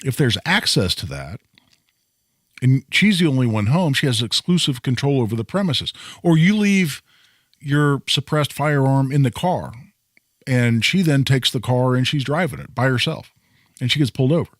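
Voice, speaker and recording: A man's voice: mid-range voice, lively intonation, moderate pace, no echo, studio quality. A man hosting a call-in radio show about gun law, explaining points in a conversational way and often restarting phrases. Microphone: studio microphone.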